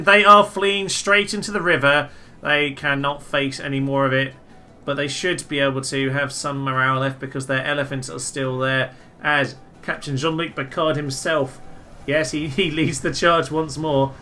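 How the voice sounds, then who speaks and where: A young man giving casual, jokey commentary over a strategy game, breaking into loud excited exclamations. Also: on the high side, moderate pace. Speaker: gaming video host.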